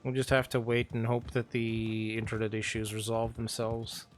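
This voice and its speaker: A man streaming a role-play game, casually recapping events for his viewers in an unhurried way with frequent ums. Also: mid-range voice, level tone, soft background music.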